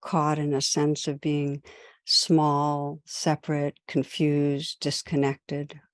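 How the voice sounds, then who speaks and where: A woman meditation teacher and podcast host giving a recorded talk in gentle, measured short phrases with pauses. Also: deep voice, completely flat delivery, no room sound, studio quality.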